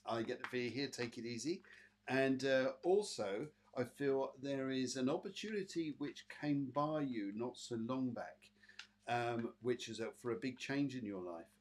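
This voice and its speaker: British guy hosting a live psychic stream, kinda husky, chatty, lots of uhs and ums, talks straight to viewers. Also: mid-range voice, unhurried. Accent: British English. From Britain. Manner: chatty, addresses viewers by name, many fillers. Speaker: psychic medium and show host.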